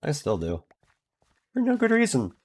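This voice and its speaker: A man's voice: a little high, huge pitch swings, normal speed, a little mellow, husky. A man streaming and chatting casually, rambling with lots of filler words and restarts. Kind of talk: casual chat.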